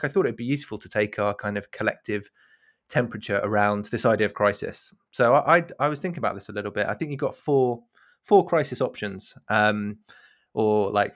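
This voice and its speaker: Low-voiced wry podcast co-host man. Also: fairly bright tone. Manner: wry, hesitant, many fillers. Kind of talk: casual discussion.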